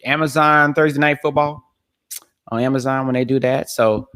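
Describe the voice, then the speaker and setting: A man hosting a casual solo podcast, talking loosely in slang, repeating himself and laughing, his voice a little worn from shouting. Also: mid-range voice, steady tone, moderate pace, smooth. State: losing his voice. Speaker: podcast host.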